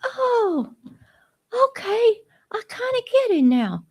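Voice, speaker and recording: A woman voicing a timid, excitable young princess girl on a children's radio show, breathless and gushing. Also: very high-pitched, slow, voice pushed up, full character voice. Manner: breathless and gushing, squeals with emotion.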